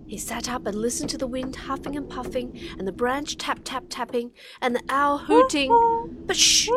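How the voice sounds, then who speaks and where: A woman hosting and narrating a children's radio drama, animated and dropping to whispers for suspense. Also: high-pitched, normal speed, noisy background. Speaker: narrator and host. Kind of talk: expressive children's story narration.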